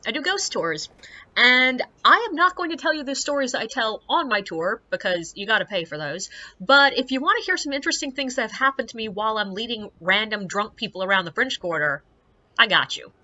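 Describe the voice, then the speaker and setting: A woman working as a ghost tour guide, telling anecdotes in a chatty, animated way full of fillers. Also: fairly high pitch, fairly quick, muffled recording. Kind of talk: casual storytelling to camera.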